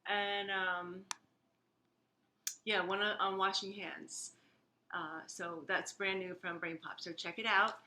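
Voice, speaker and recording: A woman's voice: mid-range voice, fairly even intonation, takes it slowly, long pauses, bright, forceful tone. A woman teacher making casual, chatty announcements to her online class, with many fillers.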